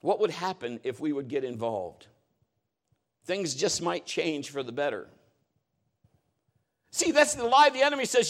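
A middle-aged man preaching a sermon, telling a story with lively shifts and acted-out voices. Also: fairly high pitch, measured pace, long pauses. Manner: animated storytelling, acting out voices and shouting at peaks. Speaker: pastor.

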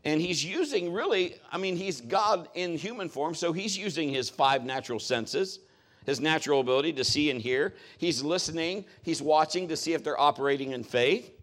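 A man's voice: on the high side, lively intonation, normal speed, fairly bright tone. A middle-aged man preaching a sermon as a pastor, talking in a conversational, folksy way with joking asides.

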